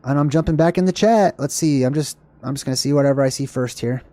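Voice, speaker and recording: A man hosting a livestream, answering chat questions in a casual, rambling way, often searching for words and correcting himself, with a slightly hoarse voice. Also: medium pitch, fast talker, warm tone, dry recording, studio quality.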